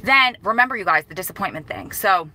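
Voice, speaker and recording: A woman's voice: mid-range voice, animated, fast talker, sharp tone, rough recording. A woman vlogger talking casually to her viewers, emotional and holding back tears, rambling and apologizing as she goes. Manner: rambling and apologetic, many restarts. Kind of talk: casual talk to camera.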